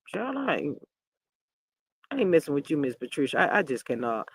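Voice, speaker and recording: A man hosting a live stream, giving sassy, animated gossip commentary and reading chat comments aloud. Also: very high-pitched, unhurried, long pauses, dry recording. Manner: sassy and animated, often calling listeners "child". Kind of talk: casual gossip commentary on a reality show.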